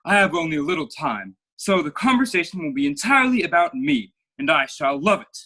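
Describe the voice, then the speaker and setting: A man's voice: a little high, lively intonation, brisk, sharp tone. A young man playing a flamboyant, vain playwright in a school play over a video call, with florid, theatrical delivery. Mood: grandiose. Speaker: student actor.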